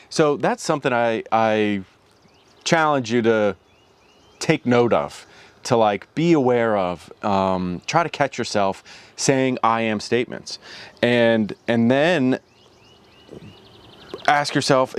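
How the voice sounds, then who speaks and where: A young man hosts his own vlog in loose, reflective talk, often stopping to restart a thought. His voice is smooth and resonant, sitting at an ordinary middle pitch for a man. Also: measured pace. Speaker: channel host.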